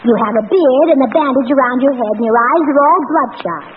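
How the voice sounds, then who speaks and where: A woman's voice: high voice, phone-quality sound. A woman comedian with a bubbly, scatterbrained manner, trading lines in a 1940s radio comedy on a scratchy old broadcast. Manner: bubbly, scatterbrained, quick-witted.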